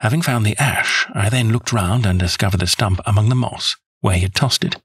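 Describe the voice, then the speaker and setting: A man narrating a classic story in the first person, in an even, measured way. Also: on the low side, slightly rough, no room sound, clean studio sound. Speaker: audiobook narrator.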